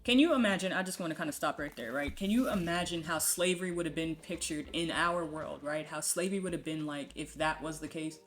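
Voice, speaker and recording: A woman's voice: deep voice, fairly even intonation, fairly quick, hardly any pauses, a bit bright, faint music behind. A woman giving a casual Bible teaching from home, talking conversationally and checking in with "right?". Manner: conversational, frequent "um" and "right?" tags. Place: home with a puppy nearby.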